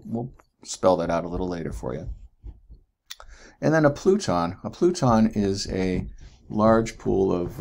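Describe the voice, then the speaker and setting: Low gravelly male geology teacher. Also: a little mellow. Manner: chatty, asks rhetorical "right?", corrects himself. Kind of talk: casual recorded lecture.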